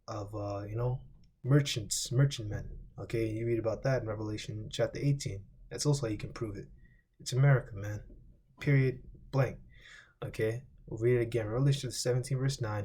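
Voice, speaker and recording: Man, informal bible lesson, flat husky delivery, rambling and profane. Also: lowish voice. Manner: rambling, swears casually, repeats lists to recall them. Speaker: Bible teacher.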